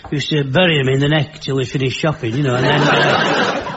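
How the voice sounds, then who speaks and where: Older man, comedy panelist, slightly higher voice, rambling jokes, dull sound, loud audience laughter behind. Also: fairly even intonation, brisk, crowd noise, noisy background. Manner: rambling, joke-telling. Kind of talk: anecdotal stand-up banter.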